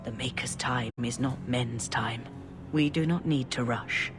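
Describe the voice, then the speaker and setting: A serene elderly church leader. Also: female voice, very deep voice, music in the background. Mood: calm. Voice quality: calm, measured, sermonizing. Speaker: grand cleric. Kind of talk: video game voice acting.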